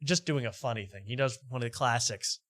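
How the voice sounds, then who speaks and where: A man's voice: mid-range voice, a little fast, fairly bright tone, no echo, clean studio sound. A man hosting a comedic late-night talk show, rambling and mocking as he halts on fillers.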